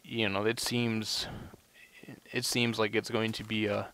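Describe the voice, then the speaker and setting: A man's voice: lowish voice, level tone, unhurried, pushed and bright, a little hiss or hum. A young man giving casual let's play commentary, rambling and full of "you know" fillers. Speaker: gameplay commentator.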